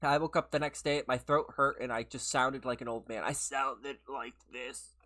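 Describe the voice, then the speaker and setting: Slightly hoarse, chatty gaming streamer. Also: mid-range voice, fairly even intonation, fairly quick, sharp tone. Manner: chatty, laughs often, greets viewers by name. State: slightly hoarse from a recent illness. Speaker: gaming livestreamer. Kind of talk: casual live-stream chat while playing.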